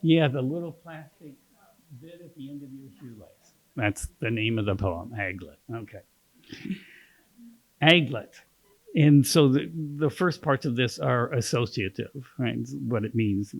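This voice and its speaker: A man's voice: mid-range voice, moderate pace, breathy edge. A man with a Kentucky accent reading his poetry at a book launch, chatting and joking with the audience between poems. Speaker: poet and magazine editor reading at a book launch. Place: literary center event room.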